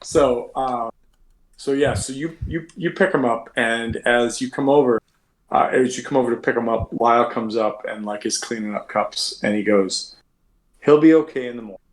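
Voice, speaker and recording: A man's voice: mid-range voice, fairly even intonation, moderate pace, low-quality recording. Casual male game master on a call. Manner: casual, lots of "like" fillers. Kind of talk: narrating a tabletop game. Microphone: video call.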